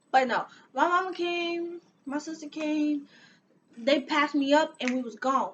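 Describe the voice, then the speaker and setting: A young woman telling a personal story on her vlog, animated and dramatic, with sighs and laughs. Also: high-pitched, a little slow, a little hiss or hum. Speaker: vlogger.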